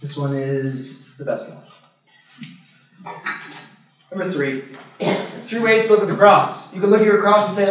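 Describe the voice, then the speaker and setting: A male priest giving an adult formation talk, lively and often laughing as he tells stories. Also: high voice, unhurried, long pauses. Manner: animated, laughs while telling stories. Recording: echoey room, mic far off.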